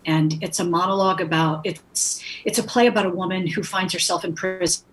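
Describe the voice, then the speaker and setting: Here the guest actress, middle-aged, spins lively anecdotes with acted-out quotes in a conversational storytelling style. She talks briskly in a voice on the low side, over soft background music on a low-quality recording.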